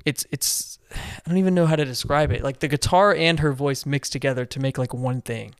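A man's voice: mid-range voice, fairly quick, clean tone, no room sound, clean studio sound. Enthusiastic man gushing on a podcast. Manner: enthusiastic, rambling with restarts and fillers. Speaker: podcast co-host. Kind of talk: casual music discussion.

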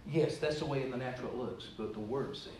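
A man preaching a sermon, rambling through anecdotes and then rising to loud exhortation. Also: mid-range voice, fast talker. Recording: echoey room, distant mic, faint noise.

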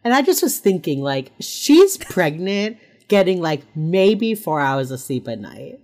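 Lively young woman recapping a show. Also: lowish voice, measured pace. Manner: animated, acts out characters' lines with laughs. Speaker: podcast co-host. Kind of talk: casual chat recapping a TV episode.

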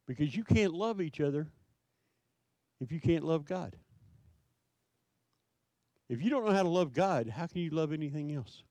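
A man preaching a sermon, asking his listeners question after question in a slow, emphatic way. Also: a little high, lively intonation, mellow, dry recording. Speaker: pastor.

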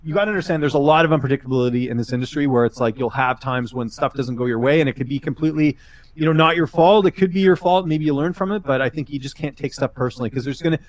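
A man's voice: fairly high pitch, very fast, dry recording. A man who works as a fight-sport journalist, a guest on a podcast, chatting casually and telling rambling stories full of filler words. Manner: rambling, filler-heavy storytelling with advice.

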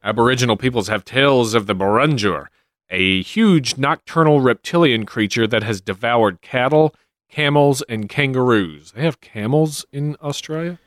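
Guy reading monster sightings on a podcast, mid voice, dry close mic, deadpan asides. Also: mid-range voice, normal speed, dry recording. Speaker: podcast co-host. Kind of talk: casual podcast chat.

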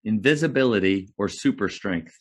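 Low-voiced chatty male host. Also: animated, moderate pace. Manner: chatty, rambling, stumbles over his words. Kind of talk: casual interview chat.

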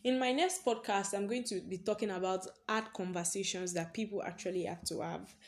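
A young woman talks through a personal story on her podcast in a loose, conversational style. She keeps leaning on the word "basically" and breaks into short laughs. Her voice sits at a middling pitch for a woman. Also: brisk. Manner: chatty storytelling, leans on "basically", laughs often. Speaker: podcast host. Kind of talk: casual personal podcast monologue.

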